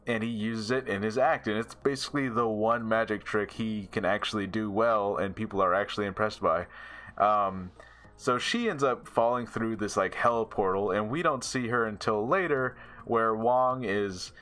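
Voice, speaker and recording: A man reviewing an episode in loose, rambling chat, full of fillers and quick laughs. His voice sits a little low yet sounds bright and forward. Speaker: show reviewer.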